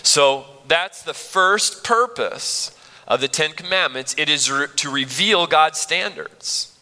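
A man's voice: on the high side, animated, takes it slowly, sharp tone. A male pastor preaching a sermon in a church, earnest and conversational, often restarting his phrases. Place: church sanctuary. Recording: long reverb of a large hall.

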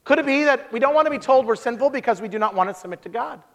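A man's voice: very high voice, animated, very fast, a bit bright, big-room sound. A man preaching a sermon, emphatic, with rhetorical questions and vivid anecdotes in a church sanctuary.

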